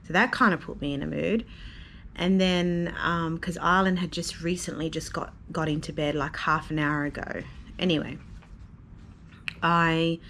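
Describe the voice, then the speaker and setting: Low-voiced woman vlogging chattily. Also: fairly bright tone, slight background noise. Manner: chatty, venting, loose with many fillers. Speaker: vlogger and mother. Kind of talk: casual vlog chat to camera. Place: hotel quarantine room.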